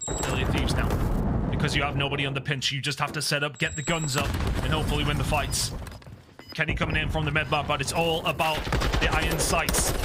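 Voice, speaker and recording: A man giving excitable play-by-play commentary on an esports match, rising sharply on big plays. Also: on the high side, fairly quick, loud music behind the voice. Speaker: esports caster. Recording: loud game gunfire behind.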